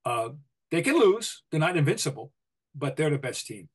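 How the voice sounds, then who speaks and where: An older man with a Boston accent, co-hosting a sports podcast, opinionated and full of halting restarts. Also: on the high side, big pitch swings, slightly rough. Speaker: podcast co-host, basketball writer. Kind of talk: casual sports talk.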